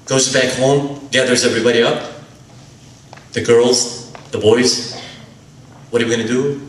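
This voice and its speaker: A man giving a religious lecture, telling a family story with dramatic pauses, slowing and dropping his voice at grave moments. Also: medium pitch, steady tone, slight background noise. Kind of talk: sermon storytelling. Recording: echoey hall recorded from far off.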